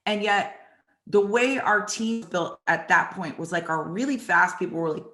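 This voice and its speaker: A woman hosting and telling animated stories about her football days, acting out the lines people said. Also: on the low side, normal speed. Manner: animated, acts out quotes from the story. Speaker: host and former football player. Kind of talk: storytelling chat. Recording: echoey room.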